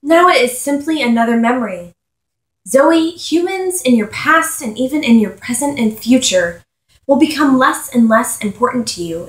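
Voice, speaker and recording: A woman reading the lines of a calm, cool-voiced vampire woman over a century old, in an echoey room. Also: a little high, close to an everyday voice.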